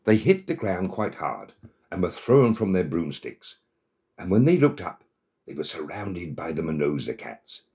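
A man narrating a children's story in an expressive, dramatic manner. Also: sits low, a little slow.

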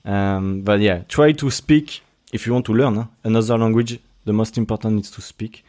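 Hesitant French-accented man, dark voice. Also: lowish voice, fairly even intonation, moderate pace. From Brittany, France. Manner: hesitant, many restarts and fillers. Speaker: podcast host. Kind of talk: casual solo podcast monologue.

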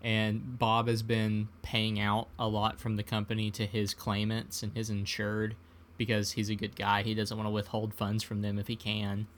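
A man's voice: lowish voice, completely flat delivery, moderate pace, a little hiss or hum. A man in casual conversation, retelling movie scenes in a laid-back way. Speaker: podcast co-host. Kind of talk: casual film discussion.

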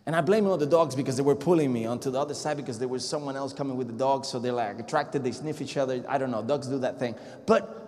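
A man preaching a sermon in a casual, conversational way, telling a story and swinging between loud bursts and hushed, near-whispered passages. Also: medium pitch. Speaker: pastor. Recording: long echo of a large hall.

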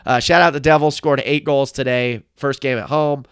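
A young man hosting a solo sports podcast, recapping a game in emphatic, excitable fan talk into a close mic. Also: medium pitch, normal speed, clear, resonant tone, no room sound. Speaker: podcast host.

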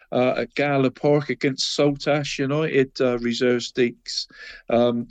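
A man with a slightly high voice chats loosely through football results, nasal and bunged up from a cold. He keeps looping back with "mate" and little tag questions. The sound is close and dry. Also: darkish tone, no room sound. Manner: rambling, says "mate" and "Deeks" constantly. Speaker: co-host, local football roundup. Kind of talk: casual radio chat.

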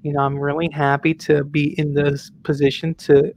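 A man's voice: on the high side, flat delivery, normal speed, darkish tone, slight background noise, natural voice. A man doing a stammering young museum apprentice. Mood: nervous. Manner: stammering, flustered.

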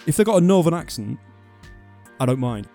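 A man's voice: on the high side, sing-song, brisk, dark tone, soft background music. Rambling English man, casual chat. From England. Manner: rambling, self-mocking, laughs often. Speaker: podcast co-host.

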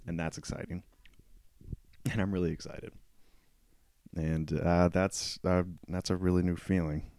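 A man's voice: low voice, level tone, measured pace, a little mellow, no room sound. A man in his twenties hosting a casual solo podcast, rambling and self-mocking, swearing freely, with a cough and a voice that keeps cracking. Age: 20s. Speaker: podcast host.

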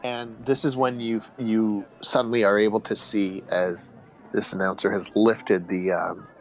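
A young man narrating a tabletop game as game master, relaxed and descriptive with fillers. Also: lowish voice, unhurried, some chatter behind.

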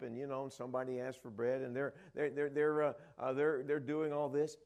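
Animated preacher acting out scripture. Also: male voice, medium pitch, brisk, hardly any pauses. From Dallas area, Texas. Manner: animated storytelling, acting out the disciples' voices. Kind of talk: sermon.

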